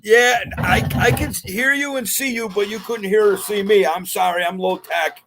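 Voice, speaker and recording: A man's voice: high-pitched, normal speed, vocal fry, background noise. A man being interviewed on a podcast, humble and rambling as he tells his story in casual chat, with plenty of fillers. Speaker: podcast guest.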